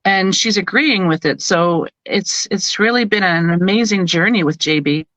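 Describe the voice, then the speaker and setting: A Canadian woman, an audiobook narrator, chatting as an interview guest and telling stories in a lively, animated way. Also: on the low side, normal speed, no echo, rough recording. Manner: chatty, animated storyteller who acts out quotes. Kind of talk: casual interview chat.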